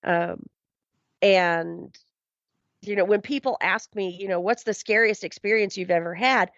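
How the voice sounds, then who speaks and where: A woman's voice: medium pitch, a little slow, a bit bright, no room sound. A woman guest telling a paranormal story in casual chat, rambling and full of "um" and "you know". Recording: dull, dry lo-fi sound.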